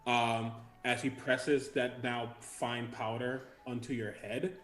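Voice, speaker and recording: A man's voice: mid-range voice, level tone, slow, a bit bright. A man playing a tabletop game, describing his character's actions hesitantly. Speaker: player. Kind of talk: tabletop role-play. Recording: roomy echo.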